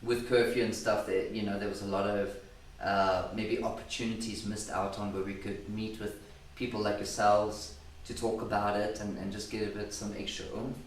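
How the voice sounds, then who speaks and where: A man vocalist being interviewed, explaining things in a measured, reflective way with a joking side. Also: lowish voice, level tone. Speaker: band vocalist guest. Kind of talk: casual interview chat. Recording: roomy distant mic, faint noise.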